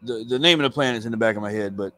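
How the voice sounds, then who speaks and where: A man reading comics aloud on a live stream, casual and halting, stumbling over words and stopping to comment. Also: mid-range voice, bright, forceful tone.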